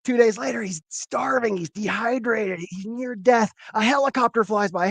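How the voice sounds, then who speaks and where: A man hosting a show, telling a rambling, animated personal story with swearing. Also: high voice, normal speed, vocal fry, hardly any pauses, no echo. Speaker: show host, former comedian. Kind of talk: casual storytelling.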